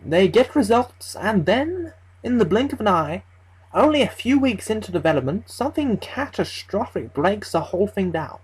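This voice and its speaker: Husky breathy creepypasta narrator, chatty and sweary, mid pitch. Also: sing-song, normal speed, darkish tone, low-quality recording. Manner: casual and profane, conversational storytelling. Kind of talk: first-person horror story narration.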